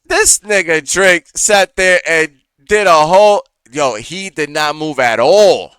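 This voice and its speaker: A man hosting a reaction show, ranting through casual, profane commentary full of fillers. His voice is bright and crisp, a little high, and it sits close to the mic in a dry room. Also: slow, dry recording. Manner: profane, animated rant with frequent fillers.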